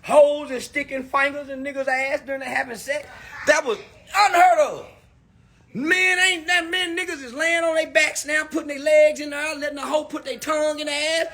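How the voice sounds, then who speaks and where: A man on a phone livestream delivering a loud, crude, animated comedic rant, laughing often. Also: very high voice. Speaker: livestream commentator.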